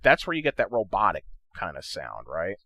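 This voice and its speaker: A man's voice: low-pitched, huge pitch swings, normal speed, bright, forceful tone, no room sound, highs cut off. A man hosting a gaming channel who walks through audio editing in a casual, chatty tutorial and keeps checking in with the viewer. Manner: loose and chatty, checks in with "okay?" and "right?". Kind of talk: casual screen-recorded tutorial.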